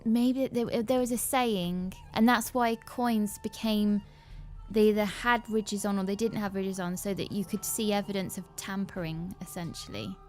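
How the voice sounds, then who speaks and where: A woman's voice: mid-range voice, fairly even intonation, moderate pace, darkish tone, soft background music. A woman chatting casually on a livestream, rambling with frequent laughs.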